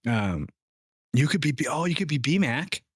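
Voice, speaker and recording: A man co-hosting a casual podcast, talking in a loose, joking, animated way into a studio microphone. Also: on the high side, moderate pace, slightly rough, no room sound. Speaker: podcast co-host.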